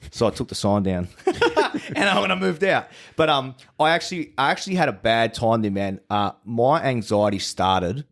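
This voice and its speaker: A man's voice: medium pitch, animated, moderate pace, fairly bright tone. An Australian man telling his story as a podcast guest in a casual, laid-back way and swearing freely. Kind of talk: casual chat.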